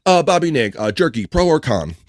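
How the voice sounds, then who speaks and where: A man's voice: fairly high pitch, sing-song, fairly quick, noisy background. A man hosting a casual live stream, reading chat and food trivia aloud, joking, laughing and stumbling over words. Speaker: livestream host.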